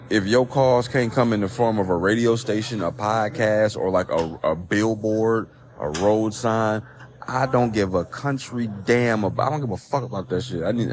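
Profane, incredulous man ranting on a phone mic. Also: on the low side. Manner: profane, incredulous, rambling with restarts. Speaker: podcast host. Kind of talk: solo podcast commentary, reading news.

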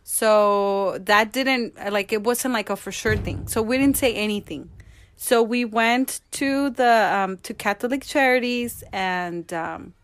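A married woman telling a personal story as an interview guest, acting out quoted dialogue with animated voices. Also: mid-range voice, slow pace. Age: adult, married.

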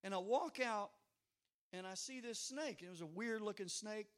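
Middle-aged male pastor, high voice, animated storytelling sermon with comic asides and bursts of volume. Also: moderate pace. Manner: animated storytelling with sudden loud outbursts; humorous asides.

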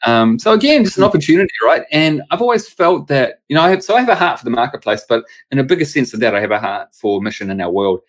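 A man speaks as a pastor and sports chaplain in a relaxed interview. His pitch sits mid-range. He tells stories with animated asides and acts out the voices of people he quotes. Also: fast talker, few pauses. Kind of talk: casual storytelling interview.

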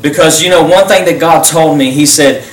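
A man with a slightly high voice, the program's pastor and host, delivers a fervent, repetitive closing altar call at normal speed and leads a prayer. The recording sounds roomy, with the mic placed at a distance.

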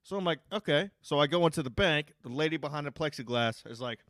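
A man's voice: on the high side, fast, fairly bright tone, dry recording, studio quality. A man co-hosting a call-in show, laid-back and profane, taking callers. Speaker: podcast co-host. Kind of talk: casual call-in show banter.

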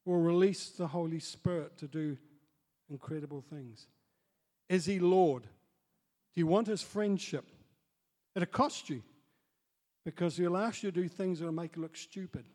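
A man preaching a sermon as pastor, dropping to soft asides and building up to loud, excited storytelling. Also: high-pitched, measured pace. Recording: long hall reverb.

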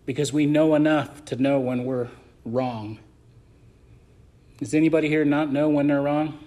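A man preaching as pastor of a church, swinging between loud emphasis and soft asides as he reads and explains scripture. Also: fairly high pitch, fairly even intonation, a little slow. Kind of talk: sermon.

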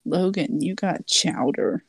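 A woman's voice: lowish voice, slow pace, slightly rough, no echo. A woman as a podcast guest, giggling and reading out picks in casual chat.

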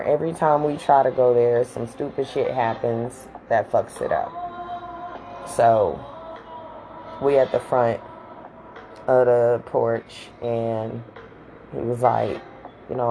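A woman's voice: rumbling low, takes it slowly, long pauses, dark tone, soft background music, poor audio. A woman telling a personal story in a casual, candid and profane way, full of slang.

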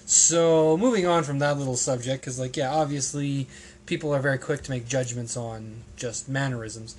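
A man's voice: mid-range voice, fairly even intonation, moderate pace, darkish tone, a little hiss or hum. A man hosting a casual podcast, rambling and hesitant, with plenty of restarts and ums. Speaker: podcast host.

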